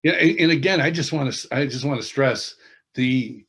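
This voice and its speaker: Man, interview guest, earnest testimony, halting restarts, middle pitch. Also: fairly bright tone, husky. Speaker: interviewed author and worship leader. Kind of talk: personal testimony storytelling.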